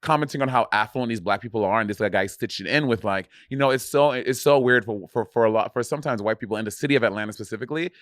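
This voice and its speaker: A man's voice: medium pitch, fast, hardly any pauses, fairly bright tone, dry recording, studio quality. A man co-hosting a casual podcast over a video call, talking loosely and swearing freely. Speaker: podcast co-host. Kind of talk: casual chat.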